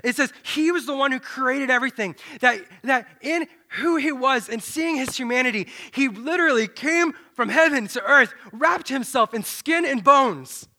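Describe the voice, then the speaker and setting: A man preaching a sermon in an animated, dramatic way, dropping to a low hush and then swelling loud. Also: normal speed, few pauses.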